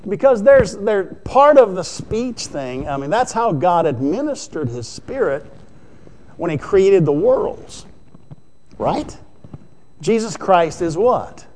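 Casting note: male pastor mid-sermon, slightly higher voice, chatty delivery full of questions to the room. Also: sing-song, slow pace, darkish tone. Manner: conversational preaching, asks the congregation questions.

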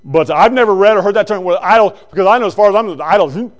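A male preacher giving a conversational sermon that swings between loud bursts and quiet asides. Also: high voice, racing.

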